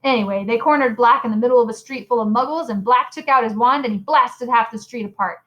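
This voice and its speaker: A woman voicing an excitable, gossipy young male bus conductor with slangy, jumpy talk. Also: on the high side, fast, natural voice, rough recording.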